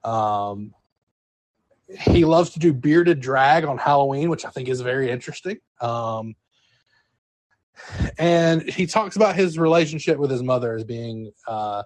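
A mid-pitched man co-hosting a relaxed podcast. He talks with plenty of ums and uhs and laughs easily, in a sentimental tone. His voice is dry and close to the mic. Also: unhurried, pauses often, no room sound. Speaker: podcast co-host. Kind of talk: casual chat.

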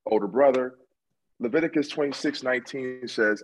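Husky, measured man teaching. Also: medium pitch, rough recording. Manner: calm, measured, repeats key points. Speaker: co-host of a faith discussion. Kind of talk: conversational Bible teaching.

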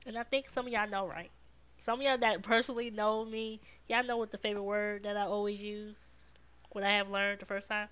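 A woman's voice: medium pitch, level tone, a little fast, clean tone, highs cut off. A woman podcast host, talking casually to her live viewers, repeating words of encouragement and answering their comments. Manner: warm, repetitive encouragement, reads viewer comments.

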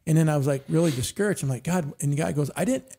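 Fast-talking man with a gravelly voice. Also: fairly high pitch, steady tone, warm tone. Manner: storytelling, frequent amens. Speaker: discussion panel member. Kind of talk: casual church discussion.

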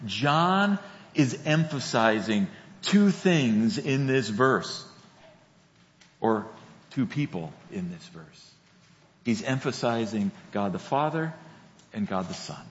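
Slow, deliberate male pastor preaching. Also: mid-range voice, expressive. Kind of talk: sermon. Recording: dull lo-fi sound with long hall reverb.

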